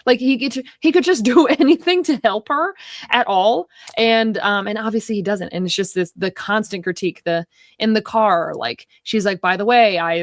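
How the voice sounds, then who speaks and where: A woman with a medium-pitched voice co-hosts a podcast about films, venting in a rambling, heated way and swearing a lot. The recording is studio quality with no room sound.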